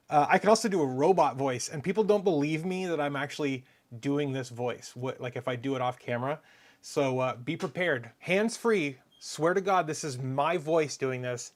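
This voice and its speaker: A man's voice: on the high side, moderate pace. A man casually chatting on a live stream while taking apart hardware, rambling and self-mocking and muttering as he works. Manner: murmurs to himself while working.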